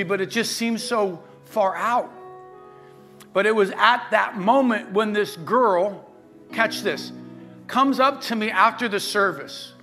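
A middle-aged man preaching a sermon as pastor, telling a personal story in a lively way and acting out the people he quotes. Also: high-pitched. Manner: animated storyteller, acts out quoted voices. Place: church sanctuary. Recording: faint guitar music behind.

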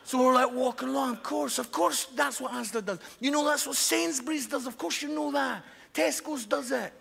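A man preaching a lively sermon in a large church hall, animated and loud, often laughing and shouting between stories. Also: very high voice, normal speed, creaky, husky. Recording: long hall reverb.

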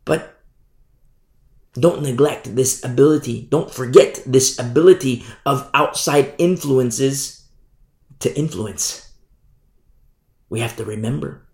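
Emphatic preacher with a gravelly voice. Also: male voice, medium pitch, takes it slowly, pauses often, darkish tone. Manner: emphatic, repeats "you see?". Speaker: pastor. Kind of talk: sermon. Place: church hall. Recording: echoey room.

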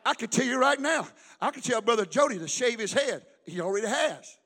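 Man preaching, very high voice, shouting then dropping to a hush. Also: lively intonation, fairly quick, slightly rough, in a large hall. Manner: preaching, swings from loud shouting to hushed storytelling. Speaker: pastor. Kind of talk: sermon.

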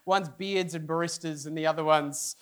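Animated storytelling pastor, man. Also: on the high side, moderate pace, smooth. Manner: animated storyteller, acts out people, voice jumps up for inner outbursts. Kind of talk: humorous sermon storytelling. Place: church hall before a congregation.

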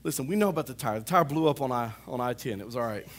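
A man preaching a sermon, animated, rising to loud calls and dropping to hushed asides, often saying "come on" to the congregation. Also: medium pitch, rapid-fire.

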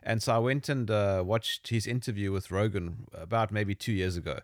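A man with a South African accent hosting an interview, easygoing and quick to laugh, steering the talk back to his question. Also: lowish voice, dry recording, studio quality. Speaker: podcast host. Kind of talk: casual interview chat.

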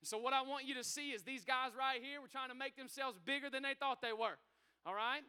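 Brief: male pastor, high bright tenor, energetic folksy sermon delivery. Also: brisk, clean tone. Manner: energetic preaching, calls to the congregation; conversational, folksy asides. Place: church sanctuary with congregation.

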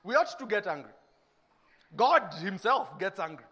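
High-voiced Kenyan pastor preaching with fire. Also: male voice, moderate pace, breathy edge. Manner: animated preaching, acting out mock dialogues, swinging between loud and hushed. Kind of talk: sermon.

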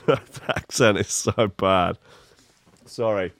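A man's voice: lowish voice, expressive, moderate pace, fairly bright tone, no echo. A man giving comic, profane reaction commentary on a video clip, sarcastic and rambling.

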